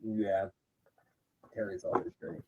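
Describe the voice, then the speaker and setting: A man's voice: fairly low pitch, slow, muffled recording. A young man co-hosting a podcast, chatting casually and laughing a lot while watching wrestling. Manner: laughing, joking, animated with crude impressions. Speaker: podcast co-host.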